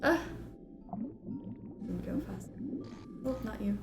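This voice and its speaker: A woman from Kentucky and Texas chats casually while streaming a game, giggling and rambling between thoughts. Her voice sounds roomy, with clear game music behind her. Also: medium pitch, expressive, slow. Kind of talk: casual live-stream chat while gaming.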